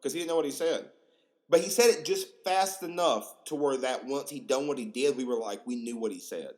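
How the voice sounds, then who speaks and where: A man's voice: medium pitch, fairly quick, a little mellow. A young man hosting a podcast, telling stories in a rambling, slangy way with lots of fillers and crude jokes. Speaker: podcast host. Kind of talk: casual storytelling monologue.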